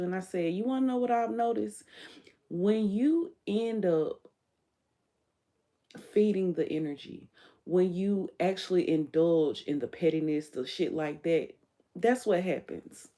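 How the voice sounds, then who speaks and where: A woman's voice: mid-range voice, unhurried, dark tone. A woman hosting her own livestream, talking bluntly and emphatically in a candid, profane monologue, often quoting what she told others. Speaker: livestream host.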